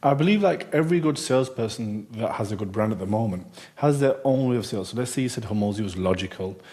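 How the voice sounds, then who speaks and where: Fast-talking, mellow-voiced male host. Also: lowish voice, expressive. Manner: asks questions and offers his own views. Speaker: podcast host. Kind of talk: conversational interview.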